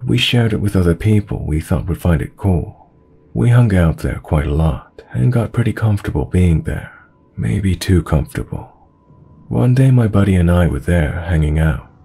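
A man narrating true horror stories in a calm, measured storytelling voice. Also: sits low, vocal fry, breathy edge.

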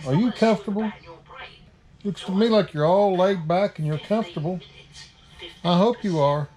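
A man's voice: high-pitched, moderate pace, warm tone. A man talking to his little son at home, doting and coaxing in a folksy way. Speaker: vlogger, father. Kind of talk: casual family vlog.

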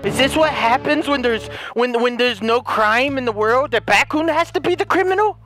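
A young man doing excitable let's-play commentary as a gaming YouTuber. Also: very high-pitched, normal speed, over music. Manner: hyper, excitable, jokey.

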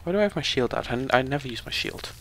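A man's voice: mid-range voice, animated, quick pace, fairly bright tone, a little hiss or hum. A young British man giving chatty, joking live commentary over a game he is playing. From Britain. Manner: chatty, joking, talks to the viewers. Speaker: let's play commentator.

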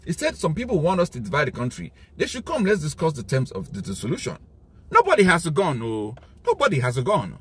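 A man with a Nigerian accent speaking in an impassioned monologue, emphatic and given to indignant outbursts, his voice worn and hoarse. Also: on the high side, huge pitch swings, quick pace, hardly any pauses. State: losing his voice. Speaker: commentator.

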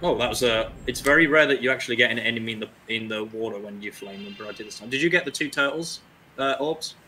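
A man's voice: mid-range voice, quick pace, pushed and bright, faint music behind. A man chatting casually while racing through a speedrun, talking through his moves with self-mocking asides. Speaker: speedrun racer.

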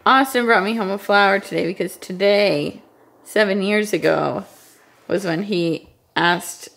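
Chatty young woman with a gravelly voice. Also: medium pitch, measured pace, fairly bright tone. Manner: chatty, laughs easily, playful teasing. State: pregnant, tired. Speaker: vlogger and mother of two toddlers. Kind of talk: casual home vlog chat. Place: family home kitchen. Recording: noticeable background noise, clicks.

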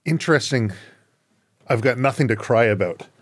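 A man hosting a podcast interview, reflecting in a measured way and thinking aloud. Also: mid-range voice, animated, no room sound, studio quality. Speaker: podcast host. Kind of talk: conversational interview.

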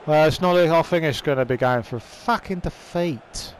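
On the high side and at a moderate pace with few pauses, the young gamer's voice comes through with slight background noise. He casually commentates a football game, swearing, grumbling at the play and shouting at the referee out of frustration.

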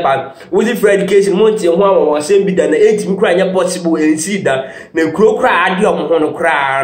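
A man giving casual political commentary, mixing Twi and English in an animated way. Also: high voice. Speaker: news commentator. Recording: roomy echo.

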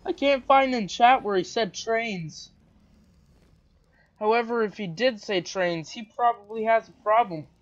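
High-voiced man teasing over gameplay. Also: dull audio. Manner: teasing, exasperated, quick to exclaim. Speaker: gameplay commentator. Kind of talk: casual gaming commentary.

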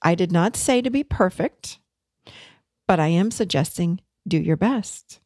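Brief: woman podcast host, lowish voice, earnest and chatty, dry booth sound. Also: expressive, a little slow, a little mellow, no room sound. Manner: earnest, conversational, acts out remembered dialogue. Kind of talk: casual teaching monologue.

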